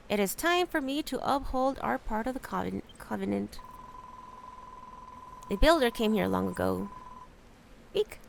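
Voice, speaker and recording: A woman's voice: high-pitched, gravelly, a little hiss or hum, exaggerated voice. A woman playing a solemn old rat elder. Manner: slow, solemn storytelling.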